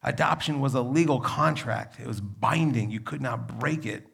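Gravelly male pastor telling stories. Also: medium pitch, normal speed, fairly bright tone. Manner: storytelling, conversational. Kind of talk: sermon.

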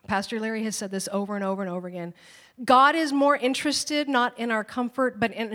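Chatty woman preaching in a reverberant hall. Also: fairly high pitch. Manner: conversational, animated, acts out quoted voices. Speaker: pastor. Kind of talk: sermon with personal stories. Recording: long reverb of a church hall.

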